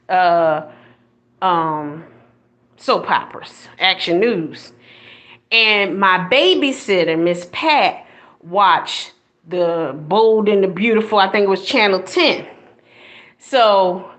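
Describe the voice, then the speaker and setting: A woman's voice: medium pitch, a bit bright. Sassy Southern-accented woman chatting live. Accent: Southern American. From northern United States. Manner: sassy, playful, talks back to her chat. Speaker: live-stream comedy host. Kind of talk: casual live-stream chat with viewers. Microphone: phone held in hand.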